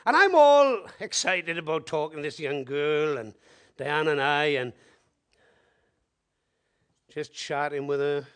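A man preaches a sermon through a story, his voice sitting a little high. He talks in an animated way, jumping from loud bursts to near-whispered asides. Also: slow pace, pauses often, clean tone. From Wales. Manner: animated, swinging between loud exclamations and hushed asides.

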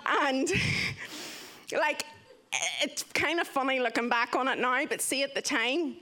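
A young woman tells a story from her own life with vivid energy, stepping into the lines people said. Her voice sits a little on the high side. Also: normal speed. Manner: vivid, animated retelling with acted-out quotes. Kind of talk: personal story told to listeners.

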